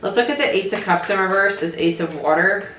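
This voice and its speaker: A woman's voice: mid-range voice, a little fast, a bit bright, slight background noise. Chatty woman tarot reader, echoey room. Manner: chatty, thinks aloud, frequent "right?" check-ins. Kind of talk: casual tarot reading. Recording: echoey room with faint music.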